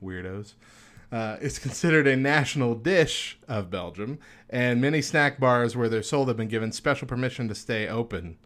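A man's voice: medium pitch, moderate pace, fairly bright tone. Laughing man hosting a morning show. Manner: joking, laughs often. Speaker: host. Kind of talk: casual morning show banter.

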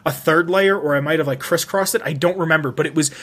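A man's voice: fairly high pitch, quick pace, a bit bright. A young man telling a rambling school story in casual chat, self-mocking, swearing and laughing often.

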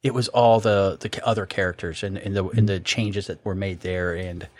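Brief: middle-aged male co-host, low voice, halting talk, dry video call. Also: steady tone, darkish tone, dry recording. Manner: halting, rambling, many fillers. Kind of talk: casual chat.

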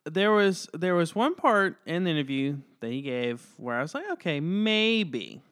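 A man co-hosting a comic book podcast, with a somewhat high voice that rises and falls a lot. He answers in a measured, wry tone. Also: very animated, a bit bright, clean tone. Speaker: podcast co-host. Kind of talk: casual podcast chat.

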